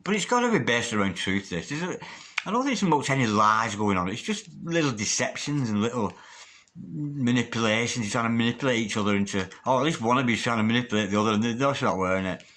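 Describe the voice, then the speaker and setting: A tarot reader, a man of ordinary pitch, talks quickly through a reading aimed straight at the viewer. His relaxed solo delivery is chatty and emphatic, with the occasional casual swear word.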